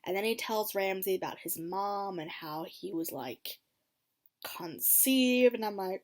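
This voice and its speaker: A woman at an ordinary mid pitch, chatting through an episode recap in a relaxed, unscripted way. She fills her talk with ums and likes. Her voice jumps up with excitement, then drops to quiet muttered asides. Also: unhurried. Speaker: TV episode reaction vlogger.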